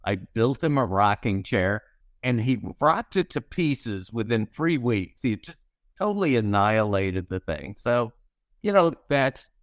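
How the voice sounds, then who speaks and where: A man's voice: mid-range voice, big pitch swings, a little slow, no room sound, clean studio sound. A man in his sixties, a comedy writer, telling wry anecdotes in a podcast interview and acting out the lines of people in his stories. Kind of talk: storytelling interview chat.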